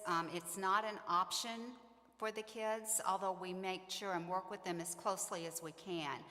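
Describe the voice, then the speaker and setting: A woman's voice: fairly low pitch, sharp tone, in a large hall. A woman addressing parents in an earnest, informational talk about a student program, sometimes acting out what students and parents say. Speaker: program staff speaking to parents.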